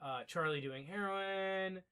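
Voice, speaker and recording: A man co-hosting a casual podcast recap, rambling, swearing and acting out scenes in quick impressions. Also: high-pitched, sharp tone, clear, resonant tone. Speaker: podcast co-host.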